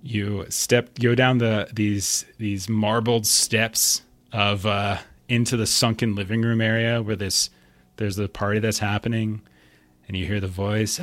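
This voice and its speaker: A man narrating a tabletop game as game master in a relaxed, descriptive way, full of casual fillers. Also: on the low side, a little slow, no echo.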